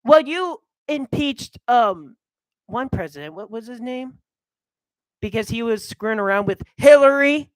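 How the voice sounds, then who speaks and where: A woman's voice: on the high side, unhurried, no room sound, rough recording. Young woman in a heated rant. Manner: heated, animated ranting. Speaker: vlogger. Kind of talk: ranting monologue.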